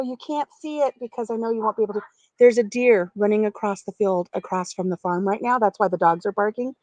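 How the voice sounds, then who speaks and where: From the porch of her farm, a middle-aged woman chats casually on a live stream, giggling and greeting viewers by name. Her mid-range voice is mellow, and there is no room sound.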